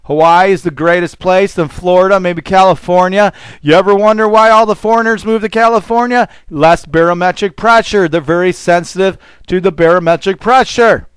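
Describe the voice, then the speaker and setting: A man preaching a fervent sermon in a smooth, resonant voice that sits a little high. He rambles and calls out to his listeners. The sound is dry, with no room echo. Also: moderate pace. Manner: fervent, rambling, call-and-response exclamations. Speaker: pastor.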